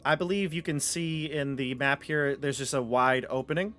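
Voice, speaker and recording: A man narrating a tabletop game as game master. His voice sits at an ordinary middle pitch, and he reads scene descriptions in a relaxed way, halting now and then.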